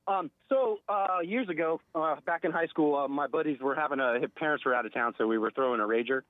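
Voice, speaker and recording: A man's voice: on the high side, fast, no room sound. A man in his forties calling in to a radio show, telling a rambling story full of fillers. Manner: rambling with many fillers and laughs. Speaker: caller. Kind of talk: casual phone-in storytelling. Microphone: phone. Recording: tinny phone line.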